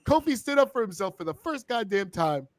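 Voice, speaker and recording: Excitable, lively-pitched swearing man. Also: fairly quick, no echo. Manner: excitable, swearing, laughing, with frequent impersonations. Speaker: co-host of a wrestling review show. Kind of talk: casual, profane chat.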